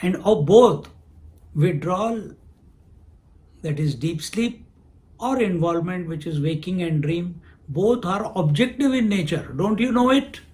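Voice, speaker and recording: A man delivers a spiritual discourse. He speaks at an unhurried pace, often posing questions and then answering them himself. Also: high-pitched, a little mellow. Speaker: spiritual teacher.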